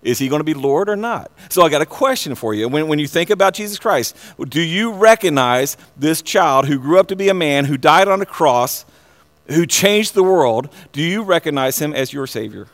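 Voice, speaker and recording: High-voiced preacher man, earnest and stumbling. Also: moderate pace. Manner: earnest, repeats words and restarts, rising to loud excited passages. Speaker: pastor. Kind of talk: sermon.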